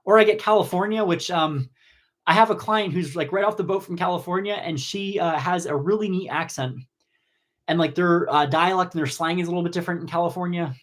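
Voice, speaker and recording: A cosmetology educator from New Jersey, USA, hosts a casual live-stream Q&A, reading out viewer comments. He's brisk, chatty and rambling, with sudden excited leaps in pitch.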